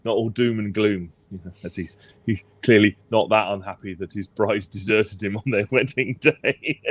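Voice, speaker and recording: A man's voice: lowish voice, unhurried, husky. A man, co-hosting a casual album review chat, rambling and hesitant. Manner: rambling, hesitant, laughs easily. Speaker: podcast co-host.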